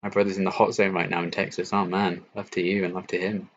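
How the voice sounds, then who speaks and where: A young man from England hosts a relaxed late-night stream Q&A, reading chat messages and answering them. His voice sits deep and low, and his chatty delivery is full of ums and likes. The audio is a little dull, like a lo-fi home stream. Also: fast talker, slight background noise. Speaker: YouTube reaction channel host.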